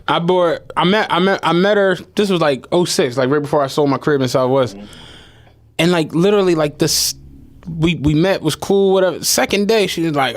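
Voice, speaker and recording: A man's voice: a little high, moderate pace. A man co-hosting a podcast in a laid-back, joking casual chat. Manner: laid-back, joking, with playful voiced asides. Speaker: podcast co-host.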